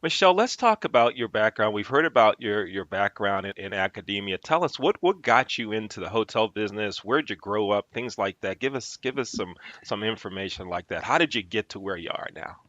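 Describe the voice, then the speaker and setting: A man's voice: on the low side, lively intonation, a little fast, few pauses, fairly bright tone, dry recording, dull audio. A man hosting a casual podcast interview, telling stories with frequent restarts. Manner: storytelling with restarts. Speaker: podcast host.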